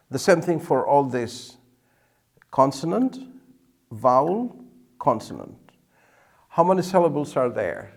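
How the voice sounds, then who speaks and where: A male teacher explains grammar slowly and deliberately, repeating key words. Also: medium pitch, vocal fry, darkish tone. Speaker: English teacher. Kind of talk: explaining at a whiteboard.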